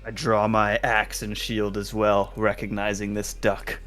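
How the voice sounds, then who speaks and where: A man's voice: on the low side, completely flat delivery, measured pace, a bit bright, faint music behind. A man playing in a tabletop game, describing his character's actions in a playful, jokey way. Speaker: player. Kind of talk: casual tabletop play.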